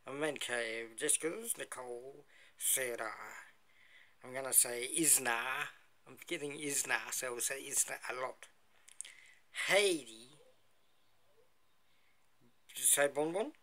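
A man vlogging casually while he stretches, playful and laughing often as he gives shout-outs. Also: medium pitch, measured pace, long pauses. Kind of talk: casual chat during a stretching routine.

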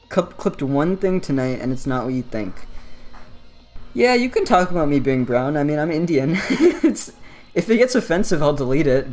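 A man's voice: on the high side, darkish tone. An American man streaming a game, chatting casually with his chat, laughing often and swearing freely as he rambles. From United States. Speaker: gaming streamer. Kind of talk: casual live-stream chat while playing.

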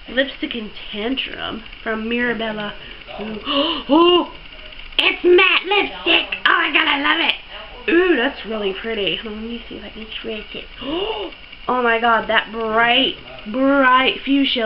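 Gushing high-voiced young woman vlogger. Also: takes it slowly, dull audio, a little hiss or hum. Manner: gushing, gasping, breathless with excitement. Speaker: beauty vlogger. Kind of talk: excited unboxing vlog.

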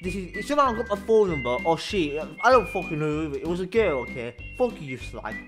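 A man's voice: a little high, big pitch swings, fairly quick, music in the background. A young man ranting in a vlog, stressed and swearing, repeating himself. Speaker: vlogger. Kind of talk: angry vlog rant. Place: room at home.

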